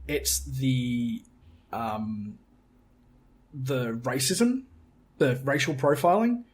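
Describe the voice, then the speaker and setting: A young man in casual podcast chat, excitable and swearing, laughing often between quick asides. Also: medium pitch. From Australia. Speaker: podcast co-host.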